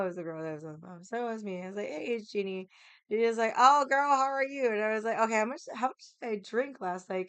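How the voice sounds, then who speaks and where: A woman's voice: mid-range voice, clear, resonant tone, no room sound. A young woman casually telling a story, laughing often, swearing freely and acting out the voices of the people she quotes. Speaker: vlogger.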